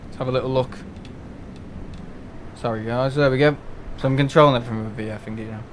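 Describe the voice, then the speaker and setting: A man's voice: medium pitch, steady tone, brisk, a little hiss or hum. A man from England chatting casually and rambling on a live game stream from home, with lots of restarts and fillers.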